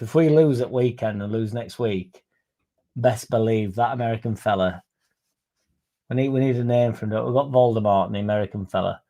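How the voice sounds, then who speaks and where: A man's voice: lowish voice, a little fast, mellow. A young man hosting a football fan livestream, chatting sarcastically and reading out viewer comments. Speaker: fan channel host.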